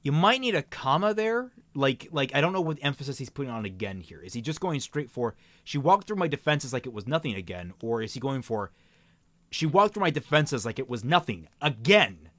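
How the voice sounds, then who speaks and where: A man co-hosting a stream, reading fan writing aloud and critiquing it in halting, casual talk. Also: medium pitch, dry recording. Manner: halting, many restarts, lively when reading quotes.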